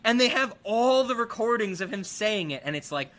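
Animated man retelling a film. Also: high-pitched, brisk, hardly any pauses. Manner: animated, acts out characters' lines. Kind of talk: casual film recap chat.

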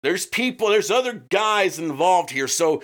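Animated and a little slow, this man's high, fairly bright voice co-hosts a true-crime podcast. The chat is casual and profane, full of fillers and sentences he keeps restarting.

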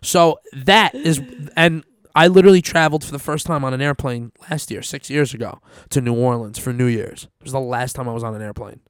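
A man's voice: medium pitch, a little fast, few pauses, clean tone, no echo, studio quality. A man telling a story in casual chat, swearing a lot and acting out his lines. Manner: swears a lot, animated retelling. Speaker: storyteller guest.

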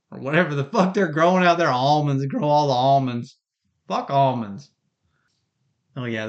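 A man hosting a podcast, ranting heatedly in a rambling, profane monologue. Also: medium pitch. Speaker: podcast host. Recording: dull lo-fi recording.

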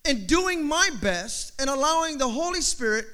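Man, pastor, sermon, high lively voice, preacher cadence, humorous asides. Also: normal speed. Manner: preacher cadence, rising emphatic repetitions.

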